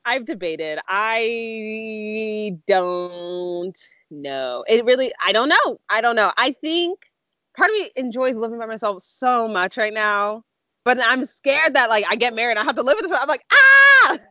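A young woman co-hosting a podcast in casual chat, animated and playful, laughing often and acting out quoted remarks. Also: a little high, a little slow, no echo, dull audio. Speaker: podcast co-host.

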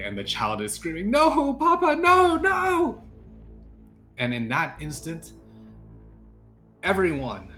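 A man with a fairly low, somewhat bright voice narrates as game master of a tabletop game, speaking haltingly with many fillers and restarts.

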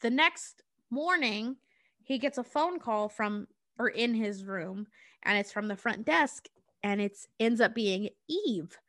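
A woman co-hosting a podcast, retelling a movie plot in casual, profane, animated storytelling. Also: on the high side, slow pace, no room sound, studio quality. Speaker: podcast co-host.

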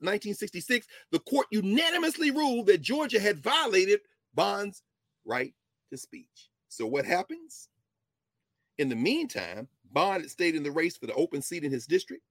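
A man giving an impassioned history lecture, moving between quiet asides and loud emphatic bursts. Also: sits high, breathy edge, no echo.

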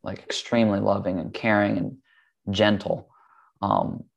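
Man, casual storytelling, gravelly edge, deep voice, lots of ums. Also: sing-song, measured pace, muffled recording. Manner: earnest, rambling, frequent ums. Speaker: guest.

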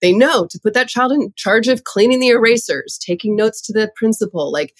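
A middle-aged woman who teaches parenting classes, telling stories in an animated, conversational way as an interview guest. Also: a little high, a little fast, no echo. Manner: lively, animated storytelling with laughs.

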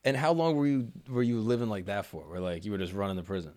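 A man's voice: on the low side, fast, darkish tone. A man hosting an interview, giving short reactions and asking follow-up questions. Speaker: podcast host. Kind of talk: casual interview.

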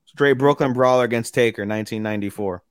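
A man's voice: mid-range voice, fast, clear, resonant tone, dry recording, clean studio sound. A man co-hosting a podcast, casually recapping anime episodes in a rambling way, with lots of fillers. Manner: rambling, many fillers, acts out characters' lines. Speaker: podcast co-host.

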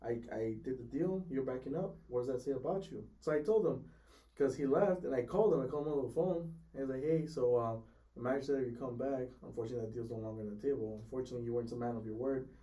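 A man's voice: mid-range voice, dark tone, distant mic. A man co-hosting a casual chat, telling car sales stories and acting out customers in quotes. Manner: fast-talking, acts out customers in quotes. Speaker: podcast co-host, car salesman.

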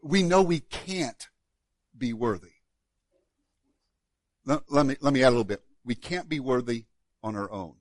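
A man, a pastor, preaching a sermon in a relaxed, conversational way, often repeating words as he restarts a thought. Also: mid-range voice, measured pace, long pauses, no room sound.

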